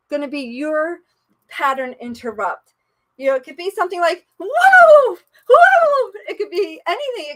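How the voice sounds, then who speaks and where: A woman's voice: high voice, sharp tone. A woman life coach leading a live-streamed coaching session, playful and encouraging in a chatty way.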